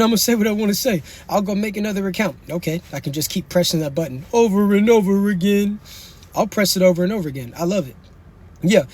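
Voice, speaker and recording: A man's voice: high-pitched, darkish tone, breathy edge. A young man hosting a live stream, preaching and bragging in a swaggering, slangy way while he kicks out commenters. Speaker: livestream host. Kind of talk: casual livestream monologue.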